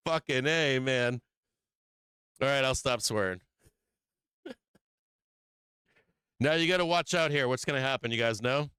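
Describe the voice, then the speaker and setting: Man, live market commentary, excitable, laughs a lot, smooth clear voice, dry close sound. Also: fairly high pitch, no echo. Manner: excitable, laughing often, swearing, teasing chat. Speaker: stock market livestream host.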